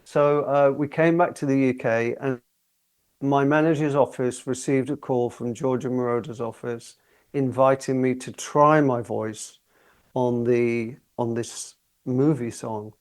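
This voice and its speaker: A man in his sixties sits as a guest in an interview, spinning anecdotes in a loose, conversational way. He talks easily and breaks into laughter often. His voice sits at an ordinary middle pitch. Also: fairly even intonation, measured pace. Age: 60s. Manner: chatty, often laughing while telling anecdotes. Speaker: guest singer. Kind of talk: relaxed storytelling interview.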